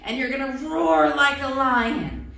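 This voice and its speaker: A woman's voice: high voice, a little slow, gravelly, fairly bright tone. A woman leading a yoga routine for children and their adults, cheerful and encouraging, coaxing them along with questions. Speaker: kids' yoga instructor. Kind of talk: guided yoga instruction for children. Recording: very echoey room, far from mic.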